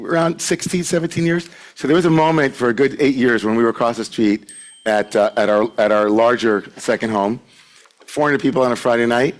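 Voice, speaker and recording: A man's voice: mid-range voice, brisk. A man leading a Friday evening service, welcoming people and giving announcements in a chatty, joking way. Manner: chatty and joking, with many filler 'likes'. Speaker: service leader at a congregation. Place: sanctuary with a congregation present.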